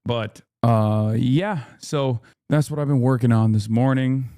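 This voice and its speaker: A man's voice: medium pitch, normal speed, few pauses, warm tone, no echo, clean studio sound. A man in his thirties talking casually on a live stream, rambling with restarts and fillers and reading viewer comments aloud.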